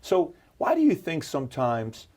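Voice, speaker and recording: A man's voice: a little high, huge pitch swings, measured pace, darkish tone. A man interviewing a guest, agreeable, asking long rambling questions.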